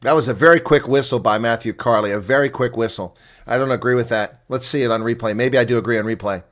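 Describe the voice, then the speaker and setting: A man giving live reaction play-by-play commentary, excitable and opinionated, dropping to quiet asides and then rising to loud calls when the action starts. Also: medium pitch, quick pace. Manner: opinionated, argues with referee calls. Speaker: live watch-along commentator.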